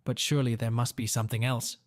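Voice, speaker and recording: A man voicing a cold, scornful, wealthy middle-aged woman in a story reading, sharp in tone. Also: medium pitch, flat delivery, fast talker, no echo, clean studio sound, natural voice.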